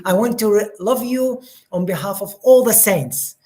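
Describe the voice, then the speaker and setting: A man's voice: high voice, normal speed, warm tone, pitched above the performer's own voice, lightly acted. A man voicing a delighted, coaxing divine voice. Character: loving male divine voice, warmly coaxing.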